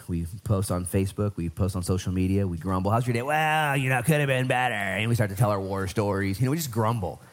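A man's voice: lowish voice, a little mellow. Man preaching an emphatic sermon. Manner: conversational, emphatic, rising and dropping for stress. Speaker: pastor.

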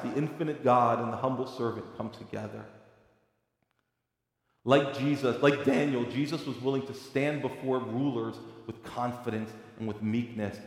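Preaching man in an echoey hall. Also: mid-range voice. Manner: swings between quiet reflection and loud emphatic preaching. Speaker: pastor. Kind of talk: sermon. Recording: echoey hall with long reverb.

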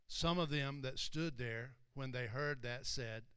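A man preaching a sermon, reading scripture aloud and explaining each verse, building from quiet reading to loud, emphatic preaching. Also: medium pitch, a little slow, clear, resonant tone, no room sound, clean studio sound.

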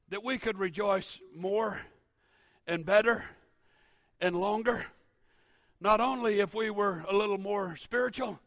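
A pastor in his fifties delivering a fervent sermon, moving between shouted declarations and quiet, joking asides. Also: high-pitched, no echo. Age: 50s.

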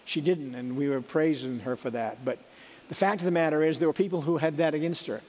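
A man's voice: a little high, brisk, a little mellow, big-room sound. A middle-aged man giving a sermon in a conversational, folksy way, with asides and restarts. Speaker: preacher.

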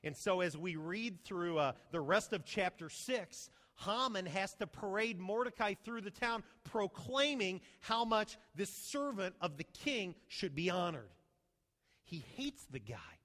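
Male pastor, high expressive voice, animated storytelling sermon, reverberant hall sound. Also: unhurried. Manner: animated storytelling with rhetorical questions.

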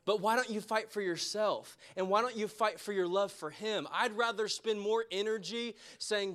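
A man preaching a sermon with passion, repeating phrases for emphasis and going soft and quiet toward the close. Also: high voice, normal speed, hardly any pauses. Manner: impassioned, repeats phrases for emphasis, drops to a soft tone near the end.

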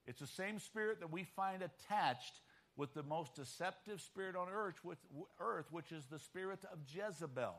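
High, animated male preacher. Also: normal speed. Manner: emphatic, keeps checking in with listeners. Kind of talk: sermon.

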